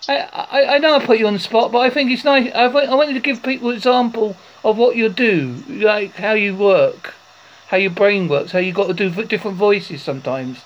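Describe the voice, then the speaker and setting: A woman with an English accent interviewing a guest, reassuring and a little halting, often repeating words. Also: mid-range voice, dull audio. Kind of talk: casual interview chat. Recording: noisy background.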